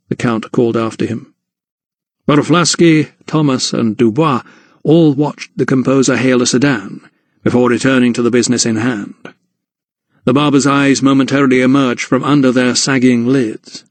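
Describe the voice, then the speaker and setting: A man narrating a historical mystery audiobook in a measured, even manner. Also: mid-range voice, no room sound. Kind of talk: scripted narration.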